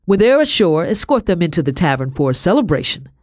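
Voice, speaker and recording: A woman's voice: lowish voice, sing-song, normal speed, darkish tone, no echo. A stern, formal male army captain , voiced by a woman reader gives orders in short, clipped sentences. The voice sits close to the mic with no room sound. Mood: commanding.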